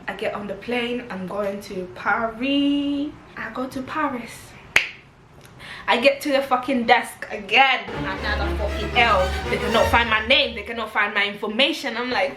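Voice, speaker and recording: A young British woman, telling a storytime vlog in an animated, slangy, swearing manner. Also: a little high, a little slow, music in the background. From Britain. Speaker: vlogger. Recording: roomy echo.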